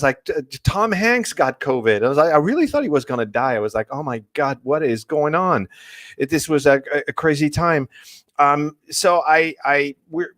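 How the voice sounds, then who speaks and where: A man's voice: mid-range voice, no room sound, studio quality. A man from France with a French accent giving a webinar presentation as guest speaker, telling stories with lots of fillers and restarts over a video call. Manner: animated storytelling with frequent fillers and restarts.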